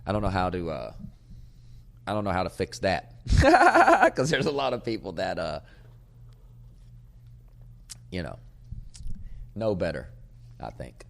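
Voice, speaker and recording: A man hosting his own podcast as a comedian, rambling in a profane, casual way and sometimes breaking into loud shouting. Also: low-pitched, big pitch swings, moderate pace, vocal fry, long pauses. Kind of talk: casual chat.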